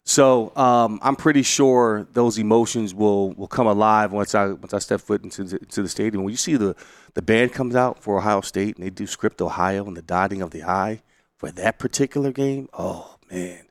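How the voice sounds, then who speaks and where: A middle-aged man, a head coach and former player, telling a story in an interview with lively energy, laughing and acting out quotes loudly. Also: on the low side, normal speed, dry recording.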